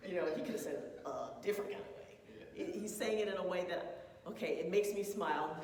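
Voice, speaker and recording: A woman's voice: lowish voice, fast, a little mellow. A woman telling a personal story to a group in a candid, reflective way, often laughing. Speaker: co-presenter of a couples session. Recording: echoey hall picked up from a distance.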